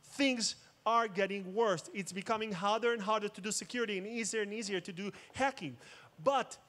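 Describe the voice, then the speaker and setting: A man's voice: sits high, a little fast, a bit bright. A man giving a keynote talk, mixing jokes with dramatic storytelling. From Israel. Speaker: conference speaker. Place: outdoor festival main stage.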